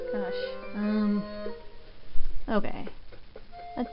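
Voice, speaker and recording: A woman talks through her game in a chatty, relaxed Let's Play style, her voice fairly high. Game music plays underneath, and the recording sounds muffled and lo-fi. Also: unhurried, pauses often. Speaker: gaming channel host. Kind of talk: casual Let's Play commentary.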